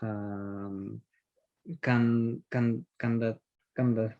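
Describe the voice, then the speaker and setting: Slow, hesitant man on a video call. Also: lowish voice, little pitch movement, narrow, tinny audio. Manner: slow, hesitant, many ums. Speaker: co-host learning the language. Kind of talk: casual conversation.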